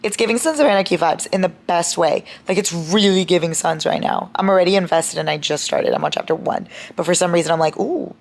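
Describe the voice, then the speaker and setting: A young woman chatting casually in a reading vlog, expressive and quick to swear, with sudden laughs and shocked outbursts. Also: on the low side, a little hiss or hum. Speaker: book vlogger.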